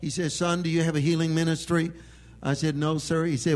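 A man preaching a sermon with emphatic delivery that swells into loud proclamation. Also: on the high side, level tone, fairly quick.

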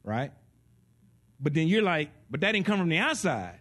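A man preaching a sermon in an animated way, acting out little voices and laughing along with his listeners. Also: fairly high pitch, a little fast. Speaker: pastor.

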